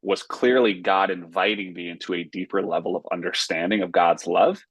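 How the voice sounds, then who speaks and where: Husky-voiced man telling his story. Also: low voice, normal speed, dry recording. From Raleigh, North Carolina, US. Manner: earnest, heartfelt personal storytelling. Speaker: pastor and author guest. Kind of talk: casual interview storytelling.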